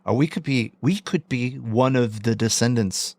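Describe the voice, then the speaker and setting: A man's voice: medium pitch, normal speed, a little mellow, no room sound. Male co-host, easygoing musing, dry close sound. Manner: rambling, musing. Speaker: podcast co-host. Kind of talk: casual chat.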